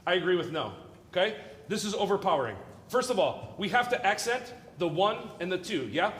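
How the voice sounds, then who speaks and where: A man's voice: high voice, sing-song, brisk, fairly bright tone, slight background noise. A man coaching a student orchestra in rehearsal, joking and counting and singing rhythms aloud. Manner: playful, jokey, counts and sings rhythms aloud. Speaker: guest orchestra clinician. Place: large hall with student orchestra. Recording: echoey hall, orchestra playing, from a distance. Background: orchestra music.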